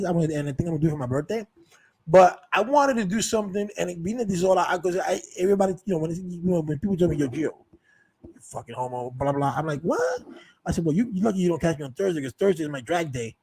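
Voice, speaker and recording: Gravelly man telling a rambling story. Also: high-pitched, a little mellow, low-quality recording. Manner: rambling, profane, many restarts and repeated words. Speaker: show host telling stories. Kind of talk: casual storytelling monologue.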